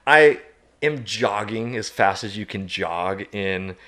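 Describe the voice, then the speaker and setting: A man guest on a podcast, telling a story in a casual, animated way and chuckling at himself. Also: lowish voice, slow, crowd noise. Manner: animated, self-mocking, chuckles at his own story.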